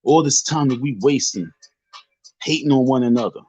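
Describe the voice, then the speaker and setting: A livestream host from Southside Jamaica, Queens, who's tipsy from drinking, goes on an unscripted rant mocking rivals in slangy street talk. His medium-pitched voice is darkish and slightly rough at a normal speed, with no room sound, and the stream audio is dull and lo-fi.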